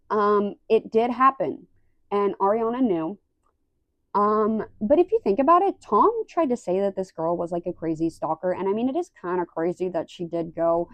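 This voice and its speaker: A young woman casually recapping a reality show, animated and acting out the quoted lines. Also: medium pitch, no room sound. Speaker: recap vlogger.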